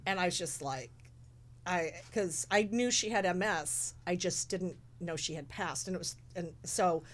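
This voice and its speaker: A woman's voice: lowish voice, measured pace. Rambling emotional woman guest. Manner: rambling, emotional, acts out quotes. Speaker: guest, charity show organizer. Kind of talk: casual chat.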